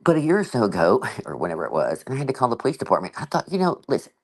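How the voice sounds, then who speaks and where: A woman hosts a relaxed livestream chat, her pitch swinging widely as she tells a story. She acts out the exchanges she describes and keeps the talk loose and conversational. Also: racing, husky, low-quality recording. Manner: frequent "you know" fillers. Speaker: channel host.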